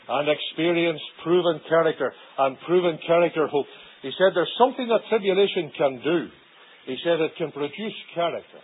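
High-voiced man preaching over a tinny line. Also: brisk, breathy edge. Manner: dramatic swings between loud emphatic lines and low quiet asides. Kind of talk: sermon. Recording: tinny phone-like old sermon recording.

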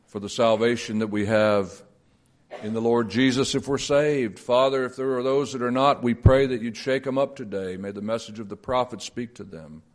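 A man preaching a sermon and praying, rising to emphatic peaks and dropping low and slow, chuckling at his own playful phrasing. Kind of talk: sermon with closing prayer.

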